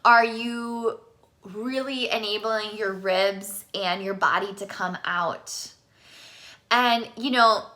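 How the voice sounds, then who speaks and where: A woman singing teacher giving a casual live vocal lesson, chatty and quick to laugh, with allergies. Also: mid-range voice, pushed and bright. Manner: chatty, laughs often, switches between speaking and singing. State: allergies, sneezing.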